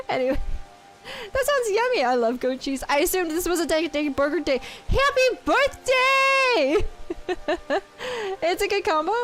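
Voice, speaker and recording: A woman streaming a game, chatting casually and giggling as she reads chat aloud. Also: high-pitched.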